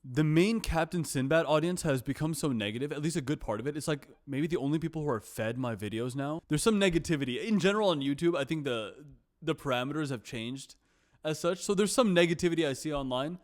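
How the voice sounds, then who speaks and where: A man's voice: on the high side, animated, quick pace. Self-deprecating man musing casually. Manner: reflective, self-deprecating, repeats himself. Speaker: vlogger. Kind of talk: casual reflective monologue.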